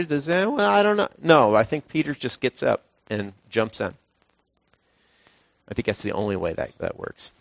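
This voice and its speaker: In a relaxed, conversational sermon, a young man tells everyday stories, sometimes voicing quotes in a sudden high pitch. His voice has vocal fry, and the studio-quality recording carries no room sound.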